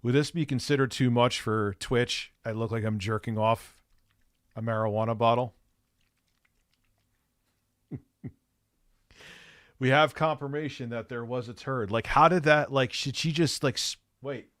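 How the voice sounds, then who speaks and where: A man's voice: medium pitch, a little slow, long pauses, a bit bright, clear, resonant tone, no room sound. A man hosting a casual livestream, rambling in a loose, crude way and swearing freely. His voice sits in an ordinary middle range and sounds dry and close, with no room around it. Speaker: livestream host.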